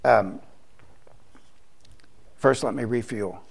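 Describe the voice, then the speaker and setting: A middle-aged man preaching a sermon as pastor, slow and emphatic, repeating key phrases for weight. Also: medium pitch, vocal fry.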